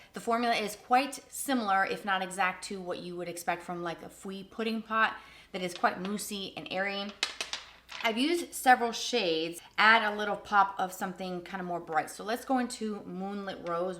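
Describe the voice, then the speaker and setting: A woman's voice: mid-range voice, moderate pace, fairly bright tone. A woman giving a candid, chatty first-impression makeup review, thinking aloud as she tries products. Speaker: beauty reviewer.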